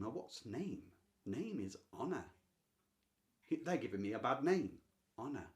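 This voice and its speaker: Male literature teacher, emphatic, very lively pitch, mid-range voice. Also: moderate pace. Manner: emphatic, swings between loud declaration and hushed emphasis. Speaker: literature teacher and channel host. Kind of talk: enthusiastic explanatory talk to camera.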